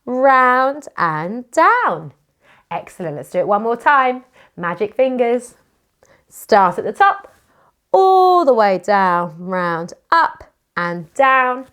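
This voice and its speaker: British woman, phonics teacher, lively rising-falling voice, unhurried, sing-song for young children. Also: on the high side, clear, resonant tone.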